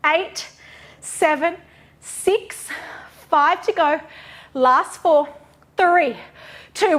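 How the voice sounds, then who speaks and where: A woman's voice: high voice, fairly bright tone. A young woman teaching a pilates class, counting reps aloud and cueing form encouragingly while out of breath. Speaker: pilates instructor.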